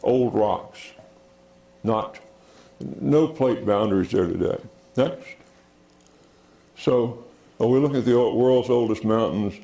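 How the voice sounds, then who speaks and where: A man giving a geology lecture with slides, halting with many fillers and calling for the next slide. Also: mid-range voice, creaky, warm tone. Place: lecture hall. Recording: echoey lecture hall.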